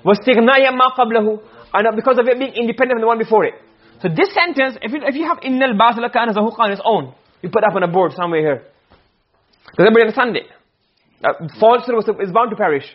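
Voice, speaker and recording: A man's voice: very high voice, very fast. A man teaching a class on Arabic rhetoric, reading Arabic phrases and explaining them in English while often checking that the students understand. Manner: keeps checking with the class, asking "okay?" and "you understand?"; switches between Arabic text and English explanation. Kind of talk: classroom lecture. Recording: dull lo-fi classroom recording.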